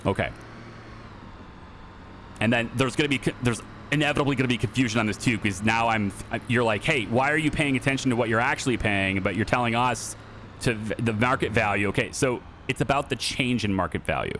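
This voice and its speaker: A man's voice: mid-range voice, a little fast, fairly bright tone, a little hiss or hum. A middle-aged man giving casual, chatty commentary over a car dealing game, repeating his points and laughing easily. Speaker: gaming YouTuber.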